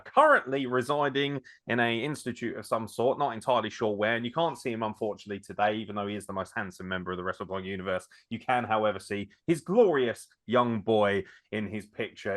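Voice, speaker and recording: A man's voice: lowish voice, a bit bright. A man hosting a casual wrestling podcast, teasing his guests and swearing casually. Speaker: podcast host.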